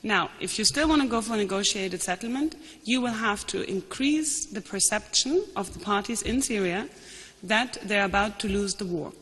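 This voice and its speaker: A woman panelist talks through her analysis in a measured way, often breaking off to restart a sentence. Her voice is slightly husky, and the sound rings with the long reverb of a large conference hall. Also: mid-range voice, expressive, fairly bright tone.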